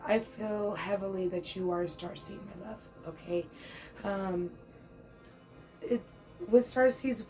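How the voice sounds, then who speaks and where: Her mid-range voice is a little mellow as this thirtysomething tarot reader offers a casual, chatty, reassuring reading. She checks in often and now and then says "bro" to the listener, and the recording quality is low.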